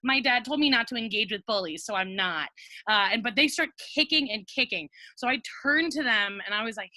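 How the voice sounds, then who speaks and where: A young woman telling a comic personal story on a video call, animated and self-mocking, acting out what people said. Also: a little high, fairly quick, no room sound. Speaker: storyteller, guest.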